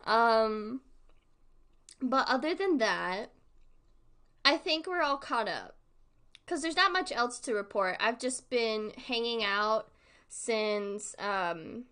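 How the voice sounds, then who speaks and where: A young woman chats on her live stream in a bright, slightly high voice. She rambles from topic to topic and breaks into giggles often. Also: expressive, takes it slowly, pauses often, clear, resonant tone. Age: young adult. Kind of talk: casual live-stream chat.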